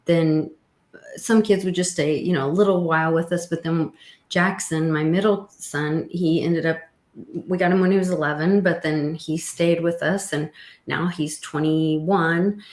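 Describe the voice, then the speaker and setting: A woman host chatting casually and quickly about raising her kids. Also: low voice. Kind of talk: casual chat. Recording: roomy echo.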